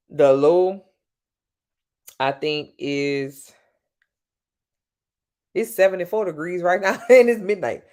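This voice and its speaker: A woman from Louisiana with a Southern accent, chatting casually with viewers on a livestream, swearing freely and jumping up and down in pitch. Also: a little mellow. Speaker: livestream host.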